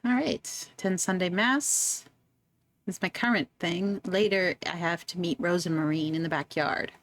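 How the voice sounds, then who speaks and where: A woman's voice: on the low side, normal speed, fairly bright tone. A woman streamer chatting casually and giggling as she plays a game, reading its text aloud. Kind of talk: casual gameplay commentary.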